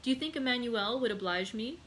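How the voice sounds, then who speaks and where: A woman's voice: on the high side, a little hiss or hum, low-quality recording. A woman doing a cold, vengeful count. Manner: calm, measured and icy.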